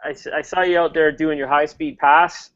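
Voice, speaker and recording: A man's voice: fairly high pitch, steady tone, moderate pace, a bit bright, lo-fi sound. A man hosting a casual motorcycle chat, talking in a rambling way with lots of fillers and restarts.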